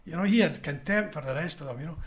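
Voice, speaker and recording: A man's voice: fairly high pitch, fast talker. Blunt Scottish man telling stories. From Scotland. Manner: anecdotal, blunt, acts out quoted voices. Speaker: guest, former union convener. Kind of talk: casual podcast chat, storytelling.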